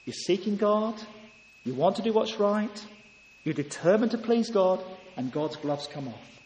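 A man's voice: sits high, lively intonation, a little slow, a little mellow, a little hiss or hum. A man preaching a sermon in church, earnest and full of rhetorical questions. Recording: echoey hall, heard from a distance.

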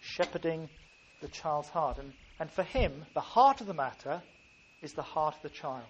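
An earnest man delivering a sermon in a slightly higher voice. He speaks with emphasis and often circles back to restart his phrases. A faint hum of ambient noise sits behind him. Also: expressive, normal speed, lo-fi sound. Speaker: preacher.

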